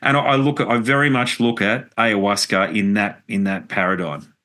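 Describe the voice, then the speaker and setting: A man with a fairly low voice hosts a podcast conversation. He talks casually and likes to tell anecdotes. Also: steady tone, moderate pace, sharp tone. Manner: chatty, anecdotal storyteller. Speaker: podcast host.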